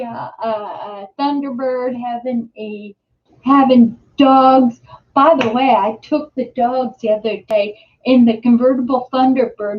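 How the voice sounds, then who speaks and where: A middle-aged woman chats casually on her own live show from home, drifting between thoughts with many fillers and restarts. Her voice sits a little high, and she takes her time. The audio is slightly dull and lo-fi, like a webcam mic. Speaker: host. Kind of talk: casual live-stream chat. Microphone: webcam or computer mic.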